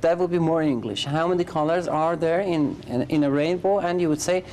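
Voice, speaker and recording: A woman's voice: deep voice, fairly quick, mellow, a little hiss or hum. A woman teaching English conversation in class, patiently correcting and repeating her students' sentences.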